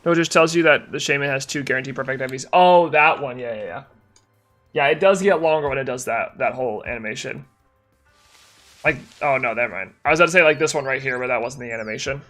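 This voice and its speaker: A man's voice: medium pitch, fast talker, a bit bright, soft background music. A young man live-streaming a game, tired and yawning, chatting casually and answering chat while he plays.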